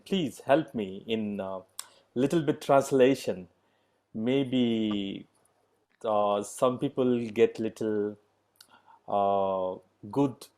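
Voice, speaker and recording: A middle-aged man leading an online yoga class, speaking slow, halting English with many pauses and fillers. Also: fairly low pitch, dark tone. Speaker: yoga teacher.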